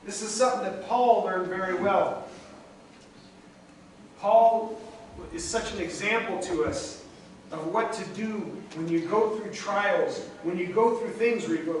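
A middle-aged man preaches with raw emotion, his voice pitched high and rising in swells of volume. He is heard from a distance across a hall that echoes heavily. A faint noise hangs underneath. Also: measured pace. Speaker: pastor. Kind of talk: sermon.

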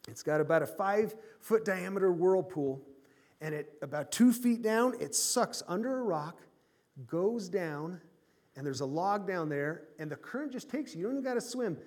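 A man in his forties preaching a sermon, his voice sitting fairly high. He tells a story with animated energy, swinging from loud bursts to hushed, quiet lines. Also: normal speed. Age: 40s. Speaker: pastor.

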